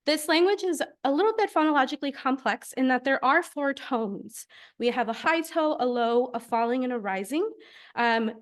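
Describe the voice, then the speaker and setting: Higher-voiced young woman presenting research. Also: animated. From United States. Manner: explanatory, with frequent filler pauses. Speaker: graduate student presenter.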